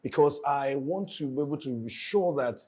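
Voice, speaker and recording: A married man speaking as a guest on a panel, halting and often repeating his words. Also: mid-range voice, darkish tone, husky. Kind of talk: panel discussion.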